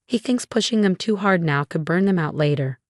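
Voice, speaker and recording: A man's voice: high voice, a little fast, no room sound, studio quality, lightly acted. A woman narrator voicing a weak-willed adult son who speaks weakly and mumbles. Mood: meek.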